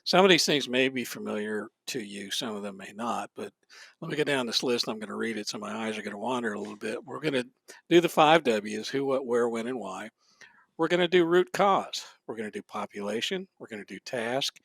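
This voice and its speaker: A man's voice: medium pitch, animated, fairly quick, vocal fry, a bit bright, husky, dry recording. A man hosting an instructional talk show, upbeat and walking viewers through a list of topics. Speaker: host.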